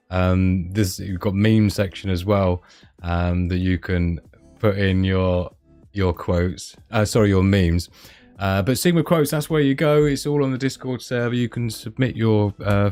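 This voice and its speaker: Low-voiced man chatting on a livestream. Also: a little mellow. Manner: rambling, chatty, reads out viewer comments. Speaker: livestream host. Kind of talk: casual livestream chat.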